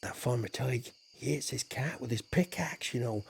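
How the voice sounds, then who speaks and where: Yorkshire man, game streamer, jokey banter, gravelly husky voice. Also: medium pitch, moderate pace. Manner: chatty, jokey, banters with chat, slips into put-on voices. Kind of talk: casual game-stream chat.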